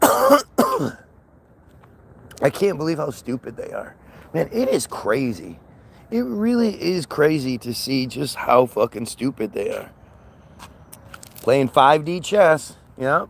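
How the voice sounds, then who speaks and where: A man's voice: medium pitch, very animated, takes it slowly, gravelly, pauses often. Swearing ranting guy, scornful, rambles, voice jumps around a lot. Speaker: vlogger. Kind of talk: casual ranting monologue.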